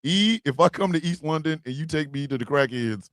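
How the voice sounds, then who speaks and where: A man hosting a stream, ranting and joking loudly with profanity and frequent laughter. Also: a little high, lively intonation, fairly quick, heavy background noise. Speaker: streaming show host. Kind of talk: casual comedic rant.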